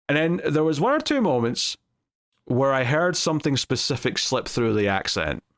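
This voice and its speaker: A man's voice: medium pitch, a bit bright. A young man reviewing a TV episode in casual solo talk, rambling with lots of restarts and fillers.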